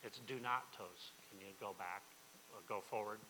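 A man's voice: on the low side, moderate pace, in a large hall, background noise. A man preaching a sermon as pastor, emphatic and repetitive, often restarting his phrases.

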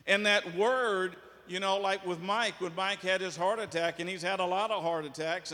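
A man's voice: high voice, a bit bright. A man preaching a sermon as pastor, folksy, with asides and jokes. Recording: long hall reverb.

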